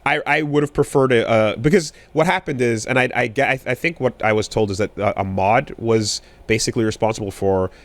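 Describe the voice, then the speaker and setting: A man in his thirties co-hosting a podcast in casual chat, rambling with many fillers and restarts, getting animated when riled. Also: mid-range voice, brisk, hardly any pauses, no room sound. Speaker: podcast co-host.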